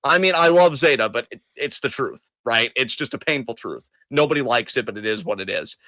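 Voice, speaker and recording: A man's voice: mid-range voice, brisk, bright, forceful tone, no echo. A man hosting a casual podcast chat, joking, laughing and swearing casually. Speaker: host.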